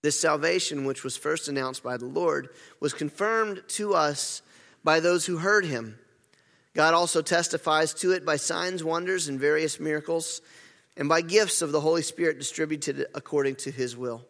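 A man's voice: fairly high pitch, moderate pace, gravelly, fairly bright tone. A man preaching a sermon as pastor, earnest, often repeating words and restarting phrases. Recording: long hall reverb.

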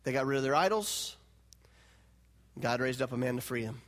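A man's voice: medium pitch, animated, normal speed, fairly bright tone. A man preaching a sermon in a conversational way, laughing often and acting out God's words with rising intensity. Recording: long reverb of a hall.

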